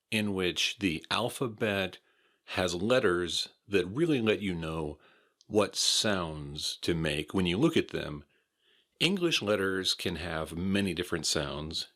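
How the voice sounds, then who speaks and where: A man's voice: deep voice, a bit bright. A man with an American accent teaching English pronunciation, repeating words carefully and spelling them out letter by letter. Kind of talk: slow, careful pronunciation drills.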